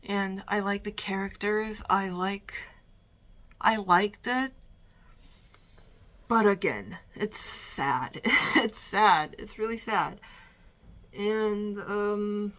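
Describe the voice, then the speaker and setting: A woman's voice: medium pitch, drawn-out words, long pauses, a bit bright. A young woman ranking movies she has watched in a casual, rambling chat from her bedroom, a little out of breath. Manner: chatty, rambling, fillers and trailing restarts. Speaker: vlogger.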